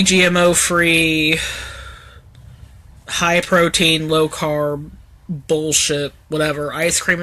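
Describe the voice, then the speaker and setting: A man's voice: a little high, sharp tone. A man co-hosting a live stream, talking in a laid-back, rambling way with plenty of swearing and fillers. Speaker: co-host. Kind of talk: casual live-stream chat. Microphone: phone.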